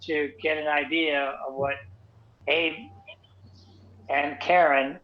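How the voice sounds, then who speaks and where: Rambling, coaxing man, slightly high, lo-fi audio. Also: fairly even intonation, slow. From United States. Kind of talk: casual group video chat. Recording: muffled lo-fi audio.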